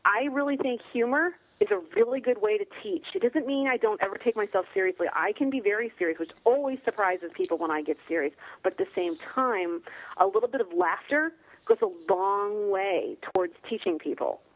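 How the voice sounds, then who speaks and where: A woman guest author chatting in an interview, telling stories in a humorous, animated way. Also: mid-range voice, a little fast, lo-fi sound. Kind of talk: casual interview chat.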